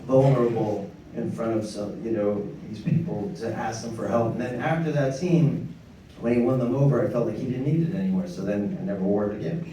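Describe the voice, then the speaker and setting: A man's voice: mid-range voice, dark tone, far from the mic, slight background noise. Chuckling male storyteller in echoey hall. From New York. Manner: rambling, chuckling, self-deprecating. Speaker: actor on a fan convention panel. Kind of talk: anecdotal panel storytelling. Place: large convention panel hall.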